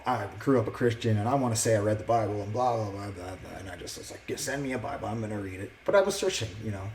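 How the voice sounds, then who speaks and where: A man casually sharing a personal faith testimony, earnest and reflective, often pausing and restarting his words. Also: lowish voice, a little mellow, a little hiss or hum, poor audio. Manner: halting, with many restarts and fillers.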